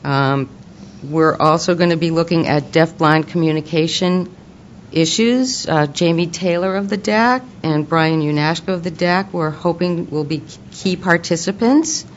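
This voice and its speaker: Low-voiced woman with a Boston accent. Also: measured pace, muffled recording, slight background noise. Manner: reads formal recommendations aloud, with many fillers. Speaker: subcommittee co-chair. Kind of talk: committee meeting report. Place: meeting room.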